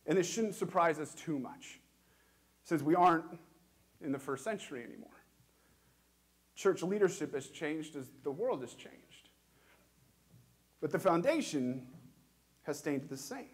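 A pastor preaching a sermon in a church, asking questions and speaking earnestly with measured, emphatic pauses. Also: male voice, a little high, animated, slightly rough.

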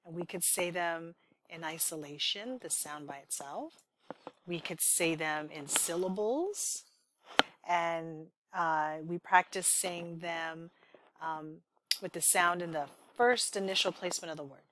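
A woman's voice: on the low side, a little slow, fairly bright tone, a little hiss or hum. Patient woman modeling speech sounds. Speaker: speech therapy presenter. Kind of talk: demonstration therapy session with a child.

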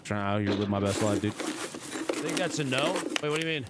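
A man's voice: medium pitch, lively intonation, quick pace, very noisy. A man livestreaming a game, ranting sarcastically and swearing often between bits of commentary. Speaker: gaming livestreamer. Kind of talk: live gameplay commentary and ranting.

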